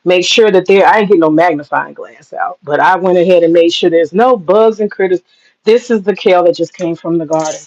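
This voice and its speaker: A woman's voice: lowish voice, fairly quick, darkish tone, highs cut off. Chatty, profane woman cooking vlogger. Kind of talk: casual cooking vlog chat.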